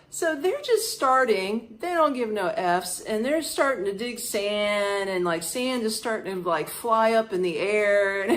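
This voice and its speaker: A woman hosting a podcast, telling a personal story in a casual, animated way, laughing often and imitating sounds. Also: mid-range voice. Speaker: podcast host.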